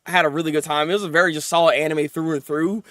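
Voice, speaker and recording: A man hosting a casual anime review, talking in an excited, rambling way, often laughing, stammering and acting out characters. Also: a little high, very fast, dry recording, studio quality.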